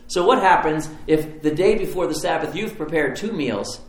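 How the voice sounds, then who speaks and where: A man's voice: on the high side, lively intonation, moderate pace, faint music behind. A man preaching a sermon as pastor, telling stories in a conversational, vivid way. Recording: roomy hall, faint ambience.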